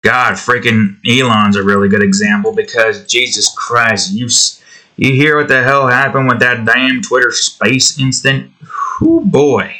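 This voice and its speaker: A man chats loosely while drawing, drifting between sarcastic rants and offhand remarks. His mid-range voice has a bright, keen edge, and he swears freely. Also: mid-range voice, measured pace. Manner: rambling, profane and sarcastic. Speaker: art channel host. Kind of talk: casual commentary while drawing.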